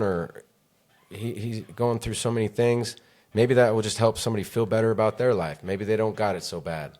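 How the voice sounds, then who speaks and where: A man with a fairly low voice talks alone into his podcast mic. He rambles candidly and curses often. His delivery is emotional and confessional. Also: moderate pace, a little mellow. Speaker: podcast host. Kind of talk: solo podcast monologue.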